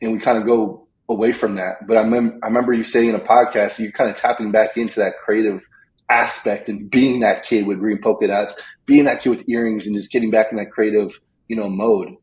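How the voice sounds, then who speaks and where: A man's voice: fairly low pitch, fairly even intonation, fairly quick, a little mellow, echoey room, poor audio. A male podcast host asking affirming questions in an interview.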